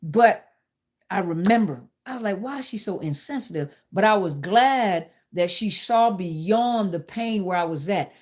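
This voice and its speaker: A woman's voice: mid-range voice, animated, measured pace, a little mellow. A middle-aged woman, hosting a live talk and telling a personal story candidly, speaking straight to her viewers. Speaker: host.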